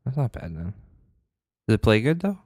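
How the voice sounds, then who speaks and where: Lively, laid-back swearing guy. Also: mid-range voice, normal speed, no echo, clean studio sound. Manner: laughs easily, swears casually. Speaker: podcast co-host. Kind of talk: casual chat.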